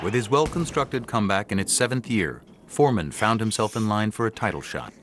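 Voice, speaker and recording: A man giving measured, scripted narration for a sports documentary. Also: fairly low pitch, slight background noise. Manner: measured, even storytelling delivery. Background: music bed.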